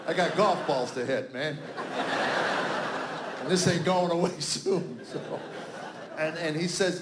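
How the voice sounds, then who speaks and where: High-voiced man in his fifties, stand-up. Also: a little fast, slight background noise. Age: 50s. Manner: acts out family dialogue, exasperated dad. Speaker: stand-up comedian. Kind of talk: stand-up storytelling. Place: stage before a live audience. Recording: roomy live venue sound.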